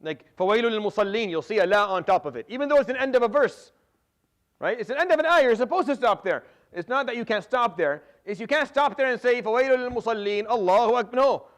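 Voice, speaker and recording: Middle-aged male Quran teacher, high and fast, animated, restarts his words a lot. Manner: animated, repeats and restarts words, drops Arabic terms. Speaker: Quran teacher giving tafsir. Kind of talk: religious lesson.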